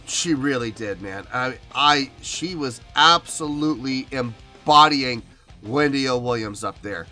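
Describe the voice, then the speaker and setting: A man's voice: mid-range voice, moderate pace, pushed and bright. A man hosting a music reaction video, talking earnestly and with emotion in a casual commentary style.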